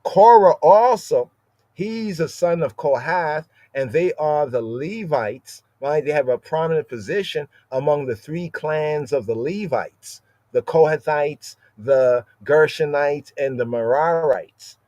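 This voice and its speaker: A man's voice: on the high side, a little slow, a little mellow, no echo. A man teaching scripture on a podcast in a loose, informal way, repeating key words and asking "right?" after nearly every point. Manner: repeats words, constant "right?" tag questions. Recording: dry, slightly dull audio.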